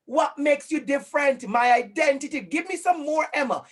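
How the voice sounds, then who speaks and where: A man from Jamaica with a Jamaican accent, presenting an interactive online workshop over a video call in an energetic, encouraging way, often repeating phrases for emphasis. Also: very high voice, moderate pace.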